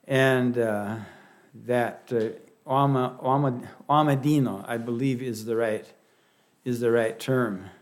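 A man with a Pennsylvania Dutch accent delivering a sermon, folksy and halting, often restarting his words. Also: mid-range voice, steady tone. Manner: halting, with many restarts and fillers; folksy, with light humor. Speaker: preacher.

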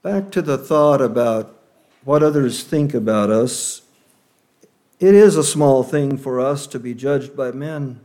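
A man preaching a sermon in an earnest, measured way, leaning hard on key words. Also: on the high side, warm tone.

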